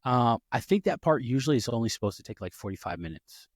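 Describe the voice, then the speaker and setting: Animated man telling a story. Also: medium pitch, quick pace, no echo, clean studio sound. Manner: animated, acts out quoted voices, many restarts. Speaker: podcast co-host. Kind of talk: casual storytelling chat.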